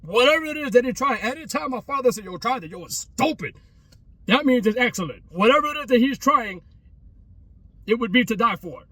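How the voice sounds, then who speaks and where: A man's voice: extremely high pitch, expressive, brisk, sharp tone, dry recording, far from the mic. A man, vlogging outdoors at a closed restaurant in a rambling, slang-heavy way with many restarts. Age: 30s. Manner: repetitive, full of restarts and street slang. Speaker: travel vlogger. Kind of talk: rambling casual chat.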